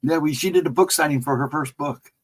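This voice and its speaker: Speaking briskly with a fairly high, breathy-edged voice, a man chats casually with his livestream audience. His anecdotes ramble loosely, punctuated by frequent chuckles, and the audio is poor.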